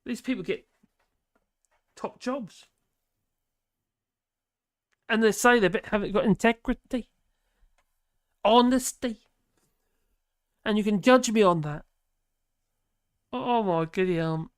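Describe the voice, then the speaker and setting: A man's voice: sits high, slow pace, pauses often. Wry chatty man on a livestream. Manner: chatty, wry, laughs often while reading aloud. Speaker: livestream host reading news and chat. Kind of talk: casual live-stream chat.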